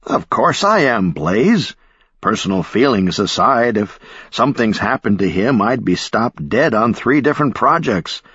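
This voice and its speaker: A man reading aloud voicing a brisk, dry-humored male scientist colleague who talks in a clipped, matter-of-fact way. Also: lowish voice, sing-song, a bit bright, slightly rough, no echo, muffled recording, exaggerated voice.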